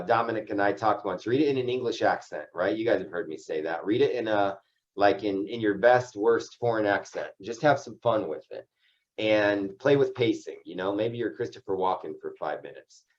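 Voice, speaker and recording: A man's voice: fairly low pitch, normal speed, dull audio. A man leading an insurance agency's training call, talking loosely and conversationally and often tagging his points with "right?". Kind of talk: casual team training talk.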